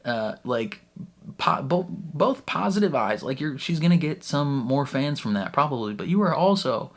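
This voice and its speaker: Animated man with frequent laughs. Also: on the high side, moderate pace. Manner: animated, laughs between phrases, heavy use of "like". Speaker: reaction channel host. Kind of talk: casual reaction vlog talk.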